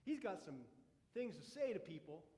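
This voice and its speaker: A pastor playing a resentful, self-righteous elder son in a first-person sermon, complaining with indignant sarcasm. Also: male voice, high voice, sing-song, normal speed, dark tone. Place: church sanctuary. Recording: echoey church sanctuary.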